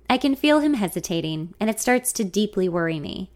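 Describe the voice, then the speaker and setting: A woman narrating a first-person story in an expressive, confiding way. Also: medium pitch, fairly quick, few pauses.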